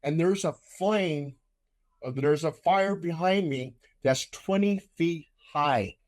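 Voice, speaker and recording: An older man with a somewhat high voice tells a story with lots of energy and puts real force into the lines he quotes. He is a relaxed host chatting casually. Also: takes it slowly. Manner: animated storyteller who shouts out quoted lines. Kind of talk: casual chat.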